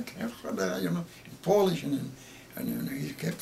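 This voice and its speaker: A man in his eighties with Yiddish as his first language, telling a story with halting, repeated words that grow emotional. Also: on the high side, wildly swooping pitch, vocal fry, a little mellow. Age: 80s. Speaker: interviewee. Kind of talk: oral history interview.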